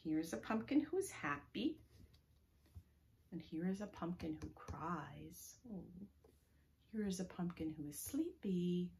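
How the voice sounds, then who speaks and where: Woman, children's librarian, preschool story time, slow sing-song reading, soft whispers, faint background hiss. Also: lowish voice, expressive. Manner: leads rhymes and chants with children. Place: public library.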